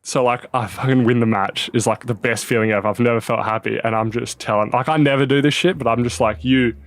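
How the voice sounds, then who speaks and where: A man's voice: medium pitch, fast, no echo. A man in his twenties with an Australian accent, telling stories in casual podcast chat, swearing freely and acting out what people said. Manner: animated, swears freely, acts out quotes. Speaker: podcast guest.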